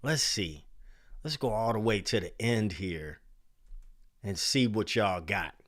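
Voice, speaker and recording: A man in his forties hosting a casual livestream, reading chat names aloud in an animated way. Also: fairly low pitch, takes it slowly. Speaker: livestream host.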